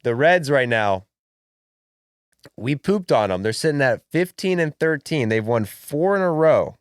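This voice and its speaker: A young man co-hosting a podcast in casual sports chat, brash and animated, swearing freely. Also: mid-range voice, unhurried, smooth, dry recording, studio quality. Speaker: podcast co-host.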